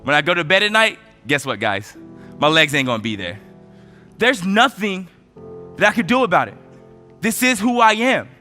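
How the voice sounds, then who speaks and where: Male motivational speaker, thirties, high ringing voice, energetic storytelling over faint music. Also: normal speed, pauses often. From United States. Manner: energetic storytelling, voice rising with emotion. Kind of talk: motivational speech.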